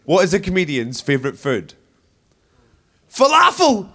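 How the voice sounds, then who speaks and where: A man's voice: animated, moderate pace, background noise. A young Scottish man doing a cheeky stand-up routine on a comedy club stage. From Scotland. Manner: cheeky, punchy delivery with shrill put-on women's voices.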